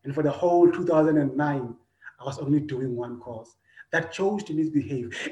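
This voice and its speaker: A man, preaching a personal sermon, earnest, repeating his phrases, swinging between loud and soft. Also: fairly high pitch, normal speed. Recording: echoey room.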